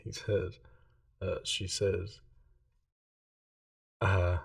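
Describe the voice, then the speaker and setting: A man's voice: deep voice, little pitch movement, extremely slow, vocal fry, recorded from a distance. A man narrating as game master of a tabletop game, rambling with many fillers.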